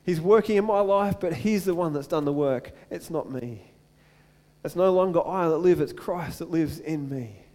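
A young adult man preaching a sermon as pastor, earnest, swinging between loud urgent build-ups and slow, soft appeals. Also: fairly high pitch.

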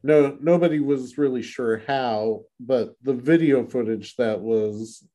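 A man co-hosting a relaxed book chat, his voice warm and dark in tone. He rambles through the story, with uh and restarts along the way, at a middling pitch. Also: a little slow. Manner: rambling, many restarts and fillers. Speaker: podcast co-host. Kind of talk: casual book discussion.

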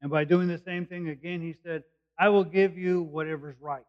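A man's voice: on the high side, steady tone, normal speed. A man preaching a sermon, explaining a passage verse by verse in plain, conversational words. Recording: dull lo-fi recording.

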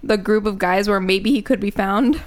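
A woman guest telling a story in a halting way, full of fillers and giggles. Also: medium pitch, very noisy. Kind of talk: casual chat.

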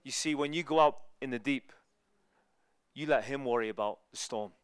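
A man giving a sermon as a guest preacher, telling lively stories and acting out the people in them. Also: mid-range voice, moderate pace, clear, resonant tone, no echo. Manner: animated, acts out people in his stories. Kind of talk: storytelling sermon.

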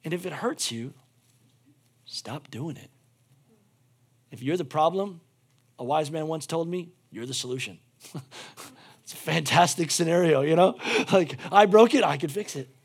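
Man, pastor, sermon, high voice, fervent to hushed, repeats lines. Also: lively intonation, measured pace, long pauses, husky. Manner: swings from shouted fervor to quiet intimate appeals; repeats phrases for emphasis.

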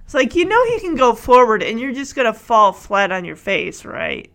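A woman's voice: on the high side, big pitch swings, moderate pace, a bit bright. A woman chatting casually as she recaps and reacts to a television show, laughing often as she goes.

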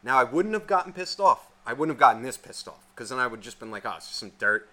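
Swearing, animated man ranting on a podcast. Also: mid-range voice, fast talker. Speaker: podcast co-host. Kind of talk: casual profane storytelling.

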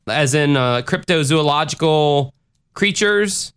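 Profane, rambling podcast host. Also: male voice, medium pitch, measured pace, smooth. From Florida. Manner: profane, rambling, animated rants. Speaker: podcast host answering listener questions. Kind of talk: casual podcast rant.

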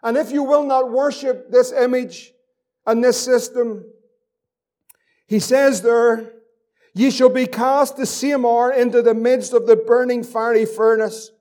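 A man's voice: very high voice, fairly even intonation, measured pace, darkish tone. A man preaching a fervent sermon as pastor, repeating phrases and reading scripture aloud.

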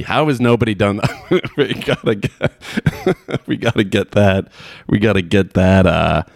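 A man's voice: fairly low pitch, a little slow, gravelly, no room sound. A man hosting a podcast in a rambling, casual chat, laughing often and swearing freely.

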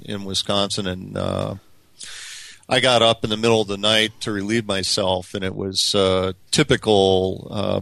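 A man recounts stories in a relaxed, filler-heavy way. His voice is low with a bright, forceful edge, and the recording is close and dry. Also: creaky, dry recording. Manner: storytelling, frequent "uh" fillers. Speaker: former nonprofit executive director. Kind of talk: anecdotal interview.

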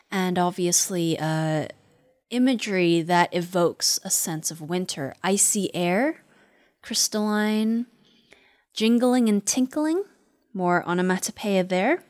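Woman, teacher, poetry reading and analysis, rhythmic emphatic delivery, slow pace, dry close sound. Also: fairly low pitch, dry recording. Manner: rhythmic, emphatic reading that dwells on repeated words. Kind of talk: dramatic poetry recitation and literary analysis.

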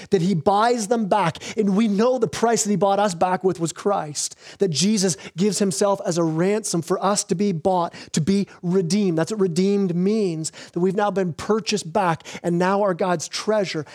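A man pastor preaching a sermon, earnest, slowing down on key words and often restarting phrases. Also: high-pitched, fairly even intonation, a little mellow. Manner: earnest preaching with repeated restarts, slows for emphasis.

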